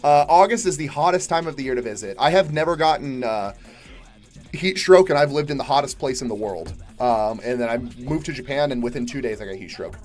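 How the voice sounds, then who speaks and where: A young man from Atlanta, Georgia, chatting casually on a live stream, reading viewer questions and answering in a laid-back way, with the odd swear word and loud exasperated outbursts. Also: mid-range voice, lively intonation, fairly quick. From Atlanta, Georgia, USA. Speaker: livestream host. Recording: faint music behind.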